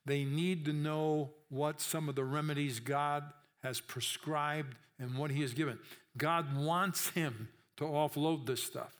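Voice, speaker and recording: A man's voice: a little high, fairly even intonation, unhurried. A man preaching a sermon in a conversational way, often checking in with his listeners and acting out the voices he quotes.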